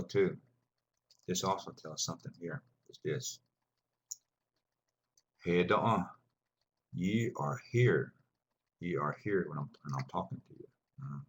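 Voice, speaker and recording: Male language teacher, deep and heavily husky voice, patient and repetitive classroom delivery. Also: unhurried, pauses often. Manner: rambling, patient, repeats words for students. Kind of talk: classroom lesson explanation.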